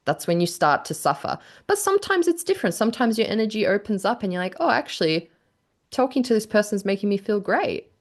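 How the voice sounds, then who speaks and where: A woman's voice: medium pitch, very animated, fast talker, hardly any pauses. A woman chatting candidly on a podcast, telling a personal story with lots of "like" and acting out what people said. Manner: candid storytelling, heavy on "like", acts out quotes. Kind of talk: casual chat.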